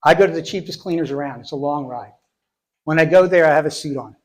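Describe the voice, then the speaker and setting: Middle-aged male storyteller, slightly high pitch, dry self-deprecating delivery on a live stage. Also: fast talker. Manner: self-deprecating, deadpan, laughs at own lines. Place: stage before a live audience.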